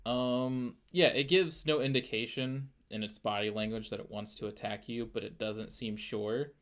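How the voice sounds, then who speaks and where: A man's voice: medium pitch, steady tone, normal speed, a bit bright. A man narrating as game master, loose and full of fillers. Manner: loose, filler-heavy descriptions.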